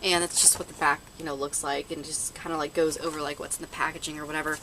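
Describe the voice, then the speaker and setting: A woman's voice: deep voice, flat delivery, fast, sharp tone, a little hiss or hum, low-quality recording. A woman doing a casual makeup haul review, chatty and hesitant, with lots of fillers and self-corrections. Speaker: beauty vlogger.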